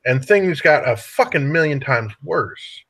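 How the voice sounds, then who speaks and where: A man's voice: fairly high pitch, animated, measured pace, fairly bright tone, husky. Profane rambling man in casual chat. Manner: profane, rambling, drops "dude" often. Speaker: podcast host.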